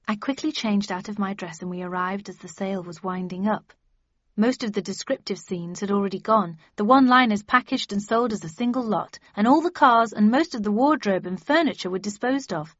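A woman reading a first-person audiobook with measured, expressive storytelling. The sound is dry with no room echo and slightly muffled. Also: medium pitch. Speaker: audiobook narrator. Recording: dull dry studio recording.

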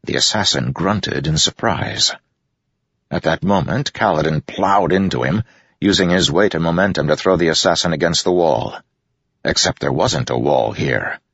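A man narrates a fantasy story in a measured, dramatic way. His voice is very deep, gravelly and husky. The recording is dry and somewhat dull. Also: fairly bright tone, no room sound. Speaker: audiobook narrator. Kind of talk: scripted narration.

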